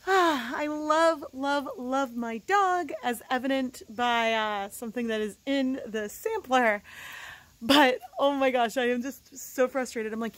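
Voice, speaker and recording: A woman's voice: high voice, measured pace. Woman, home vlogger, candid chatty delivery. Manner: chatty, candid, frequently laughing. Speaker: yarn dyer and vlogger. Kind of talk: casual vlog. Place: home studio and garage.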